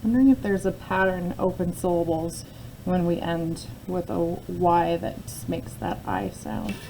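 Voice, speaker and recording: Brief: woman teacher, lower mellow voice, patient step-by-step phonics lesson, faint noise behind. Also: steady tone, unhurried, gravelly, rough recording. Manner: patient, explains step by step with frequent "okay?" check-ins. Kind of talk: phonics lesson, talking through a word sort.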